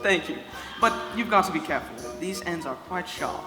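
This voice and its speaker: A man's voice: high-pitched, expressive, brisk. A man playing a pompous, giggling Prince John. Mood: haughty. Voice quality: theatrical, haughty, giggling. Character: vain, pompous prince with a cruel streak. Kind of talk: live stage play. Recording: echoey hall, music behind.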